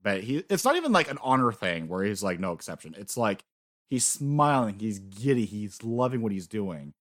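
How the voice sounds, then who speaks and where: A man co-hosting a casual podcast, excitedly recapping story events, swearing freely and acting out lines. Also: fairly low pitch, moderate pace, dry recording, studio quality. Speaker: podcast co-host. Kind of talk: casual anime recap chat.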